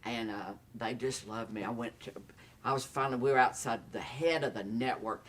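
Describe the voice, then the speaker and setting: A man in his sixties with a Southern accent, an actor telling stories in a casual interview, animated and quick to laugh. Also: mid-range voice, recorded from a distance, slight background noise. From Tennessee. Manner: animated storyteller, acts out quotes, laughs often. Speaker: actor guest.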